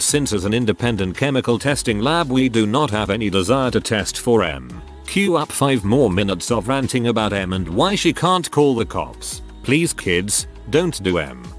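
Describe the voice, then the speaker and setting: A man narrating online customer stories in a scripted reading, with faint music behind. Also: lowish voice. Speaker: narrator of a story channel.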